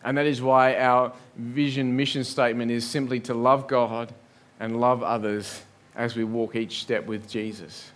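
A man's voice: medium pitch, little pitch movement, a little slow. A man preaching a sermon in a church, earnest, building up lists and rhetorical questions. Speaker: pastor.

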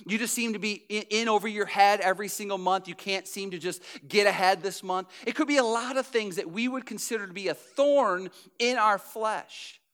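A man preaching a sermon as pastor, repeating key phrases with emphasis and swinging between soft and loud delivery. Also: high-pitched, moderate pace, hardly any pauses, smooth.

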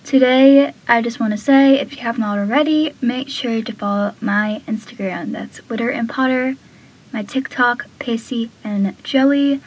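A woman's voice: on the high side, measured pace, husky, low-quality recording. A woman hosting a casual episode recap, chatty and full of fillers, slipping into whispery asides and laughing between lines. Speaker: show recap host.

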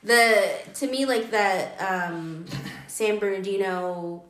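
A woman in casual, animated chat, quick to laugh and to question herself. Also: medium pitch, reverberant.

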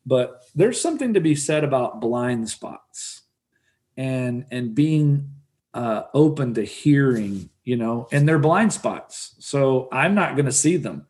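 A man's voice: mid-range voice, darkish tone. A middle-aged man talking earnestly in an interview, often repeating words as he starts a thought. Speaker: real estate investor guest. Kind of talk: conversational interview answer.

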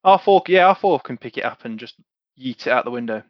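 Dude playing a tabletop game, stumbling over words, kinda dull dry recording. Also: male voice, medium pitch, expressive, no room sound. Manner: halting, restarts, laughing. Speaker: player. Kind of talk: casual tabletop play.

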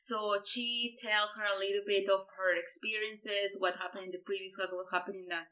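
A woman co-hosting a casual film review chat, chatty and quick to laugh. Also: mid-range voice, flat delivery, sharp tone, rough recording. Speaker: film podcast co-host.

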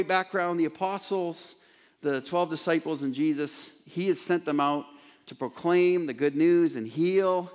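A man preaching a sermon as pastor in an animated way, with joking asides and laughs at himself. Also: on the high side. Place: large church hall, former theater. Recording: echoey hall.

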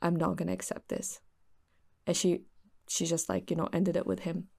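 A woman's voice: fairly low pitch, steady tone, moderate pace, creaky, mellow. A young woman earnestly recounting a friend's story in casual chat.

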